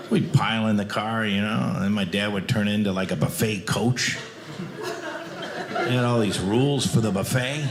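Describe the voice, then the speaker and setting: A man performing a stand-up comedy set, telling animated stories and acting out family members. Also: fairly low pitch, moderate pace, crowd noise. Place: comedy stage before a live audience. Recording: echoey club recording with loud noise.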